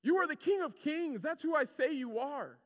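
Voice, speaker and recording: A man preaching who acts out an impulsive, excitable fisherman disciple in bursting outbursts. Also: very high voice, normal speed, pitched above the performer's own voice. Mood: fervent. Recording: long reverb of a large hall.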